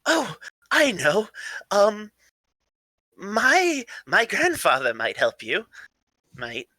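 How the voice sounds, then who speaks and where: A cheerful tiefling madman who answers every question in riddles and keeps repeating himself, as a man puts him on. His voice climbs and dips in a lively, sing-song way, with a very bright tone and an unhurried pace. The sound is close and dry. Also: sits high, no echo, voice pushed up, full character voice. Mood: cryptic. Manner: cheerful, repetitive, cryptic. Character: eccentric male tiefling grandson who talks in riddles.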